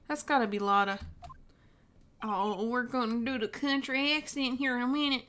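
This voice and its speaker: A young woman gives casual commentary while she plays a video game. Her voice is high and playful, and she giggles often. The chat is relaxed and unscripted. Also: moderate pace, slight background noise. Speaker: let's play host.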